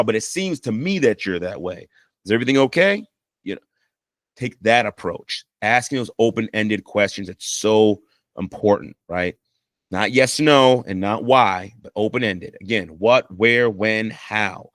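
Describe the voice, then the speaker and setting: A man's voice: lowish voice, fairly bright tone, dry recording, studio quality. A man counseling couples in a casual spoken lesson, earnest and repetitive, checking in often with the listener. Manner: earnest, repeats points, checks in with "right?". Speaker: counselor teaching communication skills.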